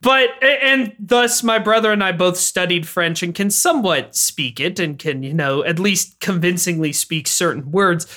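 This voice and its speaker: A woman co-hosting a casual movie recap chat, wry and animated, laughing often. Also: fairly low pitch, normal speed, few pauses. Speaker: podcast co-host.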